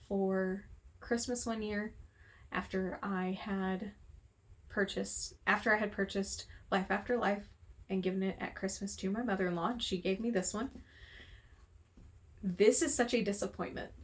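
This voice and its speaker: A woman talking casually to camera in a room at home, heated and exasperated, swearing freely as she rants. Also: mid-range voice. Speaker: book reviewer. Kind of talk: casual vlog rant. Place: room at home with window open.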